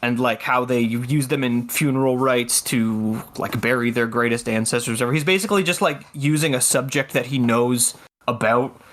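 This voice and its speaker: A man's voice: mid-range voice, moderate pace, a bit bright. Rambling man describing his character's moves. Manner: rambling, lots of fillers. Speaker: player. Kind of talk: casual tabletop play.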